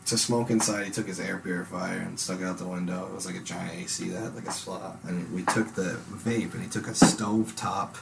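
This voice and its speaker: A man's voice: fairly even intonation, a little fast, creaky, hardly any pauses, very noisy. A young man telling rambling, profane party stories in a casual podcast chat. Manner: rambling, swears a lot, bursts into loud high impressions. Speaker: podcast host.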